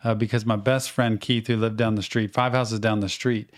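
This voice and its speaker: A middle-aged man co-hosting a podcast, telling childhood stories in a casual, animated way and acting out the quotes. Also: fairly low pitch, normal speed. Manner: animated anecdotes with acted-out quotes. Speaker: podcast co-host. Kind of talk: casual storytelling chat.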